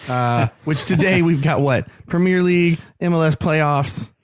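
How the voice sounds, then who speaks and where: A man's voice: a little high, measured pace, no echo. Jokey man in casual podcast banter. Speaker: podcast co-host. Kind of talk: casual chat about beer and soccer.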